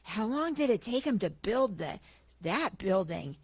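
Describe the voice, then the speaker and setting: A woman's voice: mid-range voice, sing-song, measured pace, breathy edge, no echo. A woman voicing a boastful male Texan tourist, brash and bragging.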